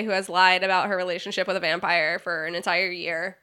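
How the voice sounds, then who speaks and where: A woman's voice: on the low side, little pitch movement, fairly quick, sharp tone, clear, resonant tone. A woman podcast host giving a giggly, sarcastic recap of a book chapter in casual chat.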